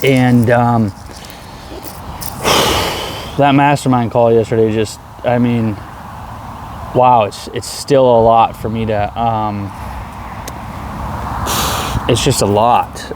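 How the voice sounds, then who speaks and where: A man in his thirties, talking earnestly in a rambling personal video diary, with many halting restarts. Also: medium pitch, fairly even intonation, background noise. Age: 30s. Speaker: vlogger.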